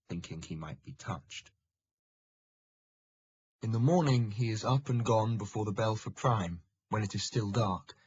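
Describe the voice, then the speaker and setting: Deep, husky male audiobook narrator. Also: lo-fi sound.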